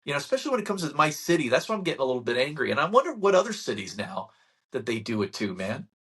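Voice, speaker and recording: Husky-voiced man ranting to camera. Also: mid-range voice, very fast. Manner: animated ranting, sarcastic mock quotes. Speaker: real estate channel host. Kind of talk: casual market-update talk to camera.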